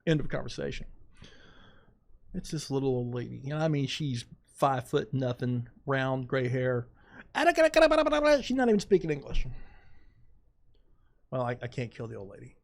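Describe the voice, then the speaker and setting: A middle-aged man, a podcast guest, telling a story in animated, dramatic fashion with quoted asides. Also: mid-range voice, moderate pace, gravelly. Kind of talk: casual storytelling.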